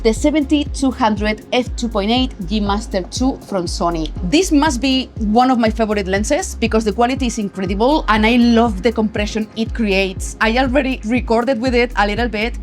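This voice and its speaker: A chatty young woman with a Spanish accent walks through her travel gear in a casual vlog. Her voice sits fairly high and she leans on words for emphasis. Soft music plays underneath. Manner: chatty, emphatic, tags lines with "okay?". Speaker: photography vlogger. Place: travel location.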